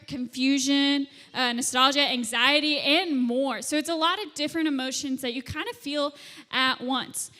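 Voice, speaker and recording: A woman's voice: high voice, pushed and bright. A young woman giving a chatty, playful youth group talk to middle schoolers, acting out little scenes as she goes. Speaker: youth leader. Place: church youth room. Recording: reverberant hall.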